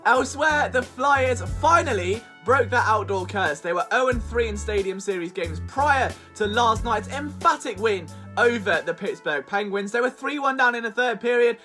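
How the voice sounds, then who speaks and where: A man's voice: extremely high pitch, moderate pace, hardly any pauses, bright, forceful tone, soft background music. A young man hosting a sports vlog, delivering a sarcastic, exasperated, mock-dramatic rant. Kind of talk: comedic sports rant to camera.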